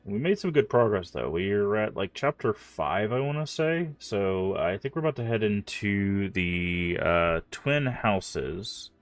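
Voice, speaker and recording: A man's voice: on the low side, lively intonation, measured pace, hardly any pauses, no echo, faint music behind. A man streaming a game, talking casually and rambling with many fillers, stuffed up from allergies. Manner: rambling, filler-heavy, apologetic. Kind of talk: casual gameplay stream chat.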